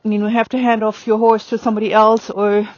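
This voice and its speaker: A woman's voice: a little high, level tone, brisk, dry recording, muffled recording. A woman riding instructor talking through a demonstration on horseback outdoors, chatty with lots of fillers, calling commands to her horse.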